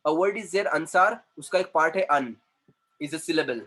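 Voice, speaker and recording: A man with an Indian accent teaching an English lesson, who repeats words slowly and switches into Hindi to explain. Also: fairly high pitch, fairly bright tone, poor audio. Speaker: communication trainer.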